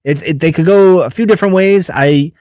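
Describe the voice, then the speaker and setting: A man's voice: fairly high pitch, a little fast, a little mellow, no room sound, studio quality. A man hosting a podcast in casual chat, rambling with fillers and restarts. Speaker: podcast host.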